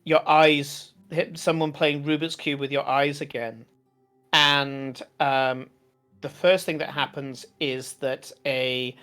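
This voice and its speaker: Casting: low-voiced woman game master, unhurried, faint music behind. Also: level tone, fairly bright tone. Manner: halting, with many fillers. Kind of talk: narrating a tabletop game.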